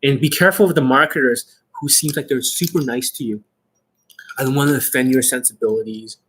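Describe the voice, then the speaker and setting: A man's voice: medium pitch, a little fast, fairly bright tone, breathy edge. A man working as a dating coach, talking to the camera in a boastful way and swearing a lot. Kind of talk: profane talk to camera.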